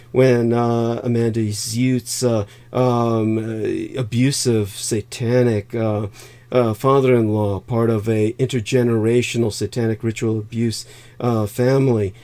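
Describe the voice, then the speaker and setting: A man's voice: mid-range voice, warm tone. Rambling man hosting a livestream. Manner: rambling, halting with many fillers, bursts of laughter. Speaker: livestream host. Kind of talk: casual livestream chat.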